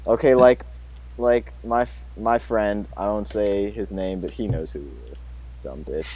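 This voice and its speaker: A man's voice: fairly low pitch, a little slow, a little mellow, rough recording. A young man chatting casually as a co-host, blunt and argumentative. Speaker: podcast co-host. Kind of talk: casual chat.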